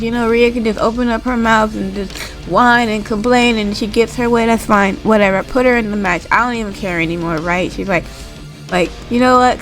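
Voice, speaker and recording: A woman with a somewhat high voice gives a loose, chatty recap of a wrestling show. She rambles on, peppering her sentences with filler and asking "right?" as she goes. Faint music plays underneath. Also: a bit bright, low-quality recording. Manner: rambling, full of "like" and "right?" tags. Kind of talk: casual spoken recap.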